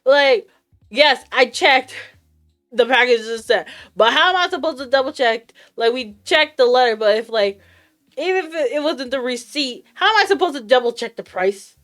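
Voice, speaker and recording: A woman streamer from the United States with Puerto Rican roots, telling a story to her chat in a casual, animated rant and acting out both sides of the exchange. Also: high-pitched, moderate pace. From United States, of Puerto Rican Caribbean roots. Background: faint lo-fi music.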